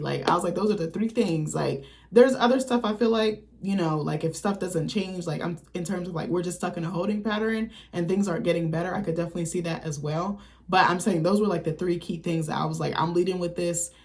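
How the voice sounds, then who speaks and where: A woman talking straight to camera as a vlogger, giving blunt, candid and profane opinions in a loose, chatty way. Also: on the low side. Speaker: vlogger, channel host. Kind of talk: casual opinion commentary.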